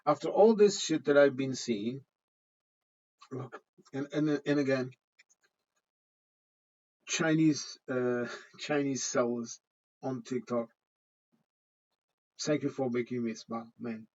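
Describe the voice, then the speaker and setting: A man's voice: medium pitch, slow pace, pauses often, a little mellow, highs cut off. A man hosting his own channel, ranting casually to camera with frequent restarts and chuckles. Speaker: channel host. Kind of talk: casual opinion rant to camera.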